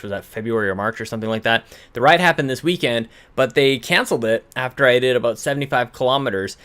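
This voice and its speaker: A man opens his podcast episode with casual chatter that rambles from thought to thought. He keeps correcting himself mid-sentence and sounds a little out of breath. His voice sits at an ordinary middle pitch for a man. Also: fairly bright tone, clean tone. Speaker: podcast host. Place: home in British Columbia.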